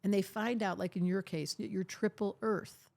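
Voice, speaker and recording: A woman's voice: mid-range voice, fairly even intonation, moderate pace, creaky, a little mellow. An older woman, an astrologer, talking emphatically and teasingly in a podcast interview, often acting out the voices she quotes. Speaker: astrologer, guest.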